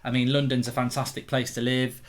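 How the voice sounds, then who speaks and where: A man hosting a football channel, talking through transfer news in an animated, opinionated way, thinking aloud. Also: medium pitch, brisk.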